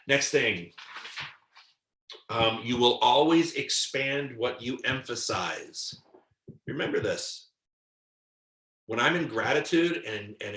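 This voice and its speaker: A man's voice: mid-range voice, sharp tone. A man giving a live-streamed spiritual teaching talk and taking viewer questions. He speaks in an earnest, emphatic way and acts out his own inner voice. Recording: roomy echo.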